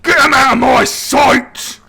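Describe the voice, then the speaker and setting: A man's voice: extremely high pitch, measured pace, gravelly, bright, forceful tone, husky, shouting, pitched above the performer's own voice, heavily acted. A man voicing a hot-tempered hulking male orc warlord who bellows and threatens. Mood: furious. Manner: bellowing, menacing.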